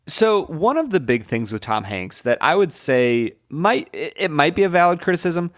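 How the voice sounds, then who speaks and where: Podcast cohost dude, excited movie talk, dead dry room, restarts his words a lot. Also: fairly high pitch, moderate pace, no echo. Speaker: podcast co-host. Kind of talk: casual film discussion.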